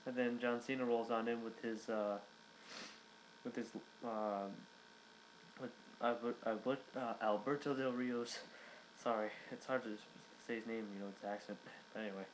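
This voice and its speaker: A man's voice: medium pitch, fairly even intonation, moderate pace, slight background noise, poor audio. A young man giving a casual recap, rambling with many fillers and restarts. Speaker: wrestling reviewer.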